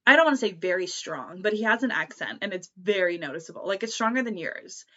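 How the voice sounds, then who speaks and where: Young woman, giggly podcast co-host, bright higher voice, dull lo-fi recording. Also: expressive, quick pace. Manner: giggly, retells conversations in quoted asides. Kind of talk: casual chat.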